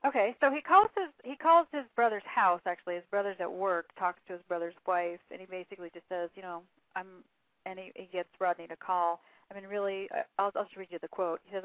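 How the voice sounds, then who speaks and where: A woman's voice: medium pitch, quick pace, no room sound. Woman telling a story over a phone line. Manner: storytelling, reads quotes aloud, frequent fillers. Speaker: author guest. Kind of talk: phone interview, recounting a case.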